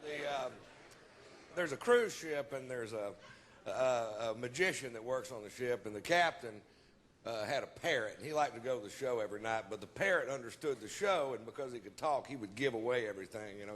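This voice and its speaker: A male comedian telling a joke in a rambling, animated way. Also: medium pitch, fairly quick.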